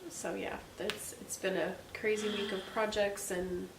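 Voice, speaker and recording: With a creaky, mid-range voice that barely moves in pitch, this forties-aged woman co-hosts a faith-based chat at a slightly slow pace. Her stories come out warm-hearted and chatty, with plenty of ums. The mic sits far away in an echoey room, and faint hiss is audible.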